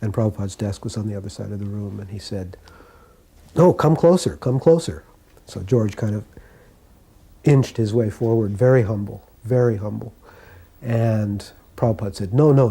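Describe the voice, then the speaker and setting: A man calmly telling stories from his years as a devotee, recounting memories in an unhurried way. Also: lowish voice, husky. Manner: calm, unhurried anecdote telling. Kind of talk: reminiscing storytelling.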